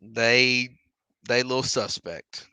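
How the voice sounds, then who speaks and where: A man co-hosting a casual sports podcast, halting and repeating words as he starts his thoughts. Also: medium pitch, steady tone, gravelly, sharp tone, clear, resonant tone, no room sound. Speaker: podcast co-host.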